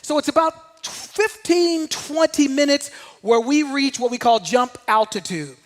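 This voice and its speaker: Male motivational speaker, high-pitched, lively storytelling, long hall reverb. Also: measured pace, faint music behind. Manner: animated storyteller, shouts out quoted commands. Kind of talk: motivational talk telling a personal story.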